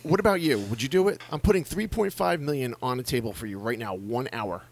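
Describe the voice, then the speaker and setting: A man's voice: mid-range voice, lively intonation, fairly quick, vocal fry. A man co-hosting a true-crime podcast in casual chat, swearing freely and stammering when he gets worked up. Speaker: podcast co-host.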